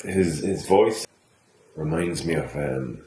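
A man co-hosting a casual film podcast, giving short agreeing replies and halting asides. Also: a bass voice, warm tone, slight background noise. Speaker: podcast co-host. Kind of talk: casual film review chat. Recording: echoey room.

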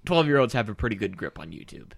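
Animated young man chatting on a show. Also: lowish voice, fast, gravelly, no room sound. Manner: animated, rambling with restarts. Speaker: co-host. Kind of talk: casual chat.

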